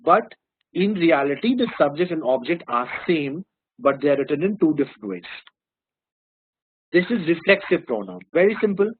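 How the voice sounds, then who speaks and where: A man's voice: fairly high pitch, very animated, normal speed, slight background noise. A man with an Indian English accent teaching a grammar lesson, explaining patiently, repeating key terms and checking whether students follow. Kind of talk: classroom-style lesson. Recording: dry, phone-like narrow sound.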